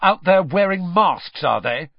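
A man's voice: medium pitch, lively intonation, extremely slow, dry recording, muffled recording. A man voicing a tense, hot-tempered teenage boy wizard in an audiobook. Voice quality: snapping and agitated.

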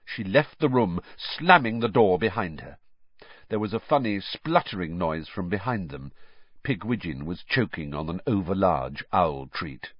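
A man narrating a storybook in an expressive, lively reading style. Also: low-pitched, measured pace, dry recording. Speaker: audiobook narrator. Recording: dull, dry, slightly lo-fi recording.

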